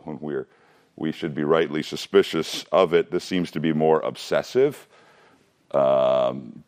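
Low-voiced man preaching conversationally. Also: darkish tone. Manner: conversational, with wry joking asides to the congregation. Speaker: pastor. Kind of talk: sermon.

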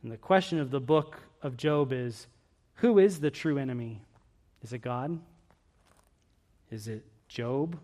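A middle-aged man preaching a sermon, earnest, swinging from loud pleading questions to hushed emphasis. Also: medium pitch, a little slow, pauses often.

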